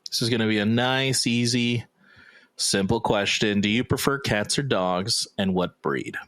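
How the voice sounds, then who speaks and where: A man co-hosting a casual podcast, posing questions in a slow, easygoing way. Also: lowish voice, fairly bright tone, dry recording. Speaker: podcast co-host asking the questions.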